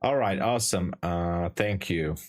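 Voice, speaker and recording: A man's voice: low voice, measured pace, soft background music. A man streaming his live day trading, chatting casually and hesitantly, often restarting his sentences and teasing dryly.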